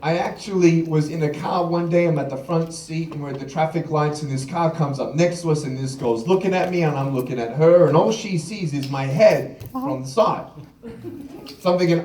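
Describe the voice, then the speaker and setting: Crowd noise surrounds this motivational speaker's brisk, slightly high voice, heard distantly in an echoing event hall. During his live keynote he spins funny stories and performs the quotes, laughing along.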